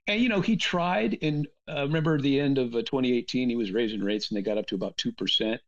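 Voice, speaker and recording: A man talking in a casual, animated rant, with lots of restarts and asides. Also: mid-range voice, fast. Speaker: podcast guest. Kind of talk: casual ranting conversation. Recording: dull lo-fi sound.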